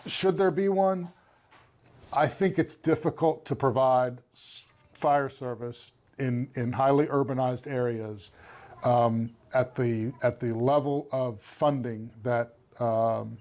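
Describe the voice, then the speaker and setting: A man's voice: mid-range voice, fairly even intonation, slow, darkish tone. A man, a city official, answering interview questions in a hesitant way with restarts.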